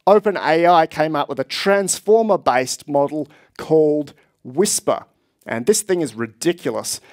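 A man giving a technical conference presentation on stage, explaining with enthusiasm and speaking to a live audience. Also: a little high.

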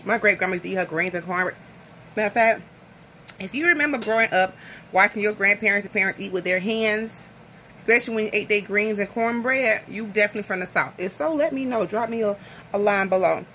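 A woman's voice: medium pitch, brisk, a bit bright, a little hiss or hum. A woman from the American South chatting casually to camera over lunch at home, rambling and nervous. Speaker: vlogger. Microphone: phone camera.

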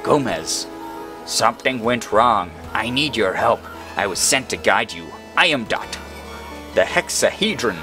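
A man reading out the lines of a small floating guide sprite in a video game, slow and grave. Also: on the low side, natural voice.

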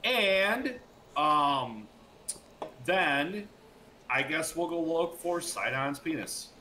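A man playing in a tabletop game, joking in lively casual chat with a deadpan edge. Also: fairly high pitch, extremely slow, reverberant, slight background noise, rough recording. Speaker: player.

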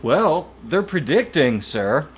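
A man's voice: on the high side, big pitch swings, slow pace, slight background noise. A man co-hosting a casual podcast, dry and a little hesitant, sometimes losing his train of thought. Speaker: podcast co-host.

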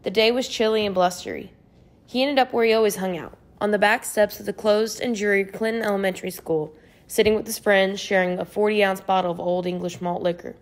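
This is scripted narration: a woman with a mid-range voice narrates an audiobook, keeping her storytelling steady and measured.

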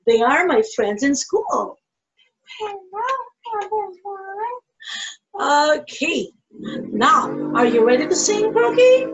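A woman preschool teacher talking in a bright, exaggerated sing-song way to young children. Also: high-pitched, sing-song, slow, lo-fi sound. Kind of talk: playful lesson for young children.

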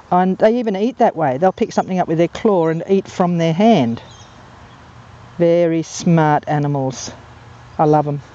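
A woman's voice: fairly low pitch, dark tone. A woman from England talking casually while filming outdoors on a golf course, rambling through anecdotes with plenty of ums and uhs. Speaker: amateur nature videographer. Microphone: handheld camera mic. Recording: slightly dull, muffled outdoor recording.

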